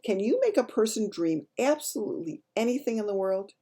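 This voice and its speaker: A woman voicing a brave, spirited little orphan girl, talking earnestly, at times hushed, at times crying out. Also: mid-range voice, lively intonation, brisk, pitched above the performer's own voice, lightly acted. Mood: eager.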